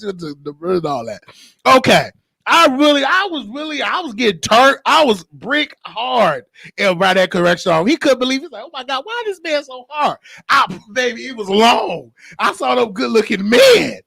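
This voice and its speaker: A man hosting a casual commentary show with a Chicago accent, talking animatedly and jumping into shrill voices for quotes. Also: no room sound, clean studio sound. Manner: animated, shifts into high shrieking voices for quotes. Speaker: show host.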